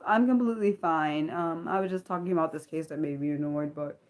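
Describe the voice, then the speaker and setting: An American woman hosting an unscripted livestream, chatting in a rambling, animated way with many fillers and restarts. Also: sits low, a little fast. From Maryland, United States. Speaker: livestream host. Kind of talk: unscripted livestream chat, answering viewers.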